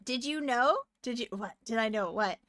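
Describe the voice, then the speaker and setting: A woman's voice: fairly high pitch, lively intonation, normal speed, fairly bright tone, no room sound, clean studio sound. An American woman streaming live, chatting casually and giggling while she works. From United States. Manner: chatty and giggly, hums and sings along.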